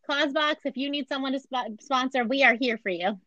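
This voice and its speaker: A high-pitched woman talking a little fast with a sharp tone co-hosts a podcast, retelling a true crime story in a chatty, joking way and acting out the quotes. The recording is dry, with the highs cut off.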